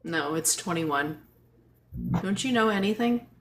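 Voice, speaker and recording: A woman's voice: medium pitch, lively intonation, a little slow, background noise. A woman hosting a casual livestream chat, teasing her guests and laughing often. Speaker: livestream host.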